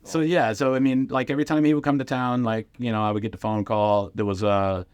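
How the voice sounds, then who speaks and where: A middle-aged man telling comedy anecdotes casually, with lively impressions and lots of fillers. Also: medium pitch, brisk, clean tone, no echo. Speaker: guest comedian and radio host. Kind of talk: casual storytelling.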